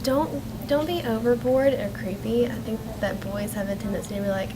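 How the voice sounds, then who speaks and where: A woman's voice: fairly high pitch, steady tone, a little fast, background noise. A young woman giving frank, opinionated interview answers.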